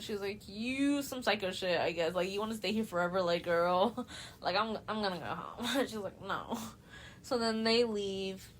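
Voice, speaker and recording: A woman's voice: medium pitch, slight background noise. A young woman hosting a podcast, stoned and retelling a book plot in casual chat, laid-back, profane and giggly with lots of filler words. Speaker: podcast host.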